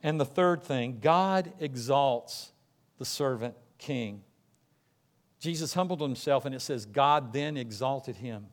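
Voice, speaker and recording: A man preaching a sermon, telling stories in a lively, conversational way and slipping into quick voices for the people in them. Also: medium pitch. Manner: animated storytelling, acting out characters in quick asides. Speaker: pastor.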